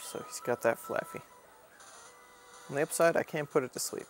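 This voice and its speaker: A man's voice: on the high side, moderate pace, faint music behind. A man casually commenting on his own gameplay as a Let's Play host, offhand and mildly grumbling.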